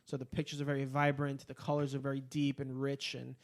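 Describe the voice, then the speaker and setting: A man's voice: medium pitch, a little fast. A man co-hosting a podcast in casual chat, swearing freely and rambling with fillers. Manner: profane, rambling, animated ranting. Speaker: podcast co-host.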